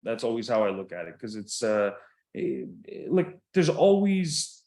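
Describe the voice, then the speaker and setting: A Canadian man telling stories in easygoing podcast chat, his voice sitting at an ordinary middle pitch. He wanders from point to point, breaks into laughter often and drops the odd swear word. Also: sing-song, normal speed, a little mellow. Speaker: podcast co-host. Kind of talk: casual chat.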